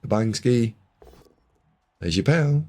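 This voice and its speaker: A man casting a video game match, excitable, jumping from loud shouts to muttered asides. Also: medium pitch, slow pace. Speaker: game caster.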